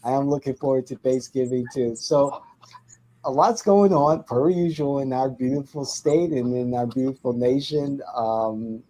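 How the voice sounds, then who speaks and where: A man hosting a casual talk show, friendly and a bit hesitant, with many pauses and fillers as he asks questions. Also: mid-range voice, warm tone, rough recording. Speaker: host. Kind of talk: casual podcast chat.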